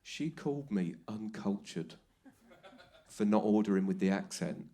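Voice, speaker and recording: Low-voiced deadpan stand-up comedian. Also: male voice, measured pace. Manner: dry storytelling, deadpan punchlines. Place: theatre stage.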